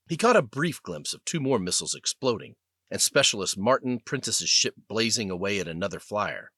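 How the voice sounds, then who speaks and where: Guy reading an audiobook, really lively up and down, dry close studio sound. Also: on the low side, fairly quick, no echo. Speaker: audiobook narrator. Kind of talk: scripted narration.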